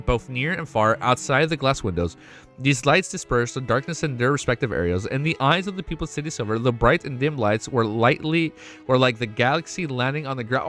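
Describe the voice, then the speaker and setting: A man reading a webnovel aloud and reacting casually, swearing often and breaking into excited outbursts. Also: medium pitch. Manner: swears a lot, excitable outbursts between read passages.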